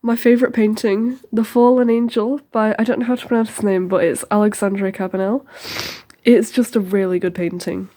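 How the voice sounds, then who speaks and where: A teenage girl chatting casually through a tour of her sketchbook, rambling with lots of ums and quick asides. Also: medium pitch, little pitch movement, dark tone.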